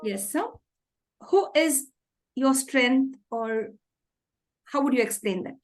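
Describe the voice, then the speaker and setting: High-voiced, very polite woman interviewer. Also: animated, slow pace. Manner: very polite, repeats "sir" often. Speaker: interview host. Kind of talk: polite formal interview hosting.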